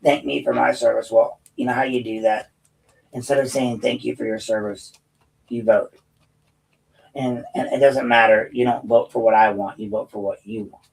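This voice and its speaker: A man's voice: lowish voice, darkish tone, recorded from a distance, poor audio. A man from the United States hosting his own show, ranting bluntly and profanely to viewers with frequent restarts. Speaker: host and political commentator. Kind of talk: unscripted rant to viewers.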